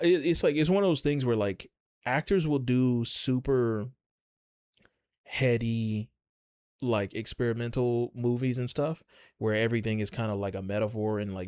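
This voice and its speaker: A man's voice: on the low side, a little mellow, no echo, clean studio sound. A man co-hosting a podcast, talking in a rambling, casual way with lots of fillers and swearing. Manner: rambling, profane, filler-heavy. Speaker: podcast co-host. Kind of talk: casual chat.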